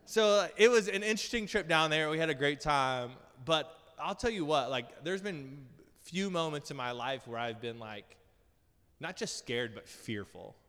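A male preacher giving a sermon, telling funny personal stories in an animated, self-deprecating way, often laughing at himself. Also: on the high side, moderate pace, clear, resonant tone. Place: large church hall. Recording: long hall reverb.

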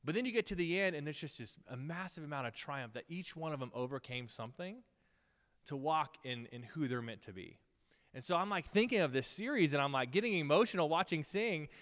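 A man's voice: a little high, expressive, a little fast, a bit bright. A man in his thirties teaching at a Bible school in a casual, earnest sermon style, with frequent ums and restarts. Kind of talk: conversational sermon. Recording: long reverb of a hall.

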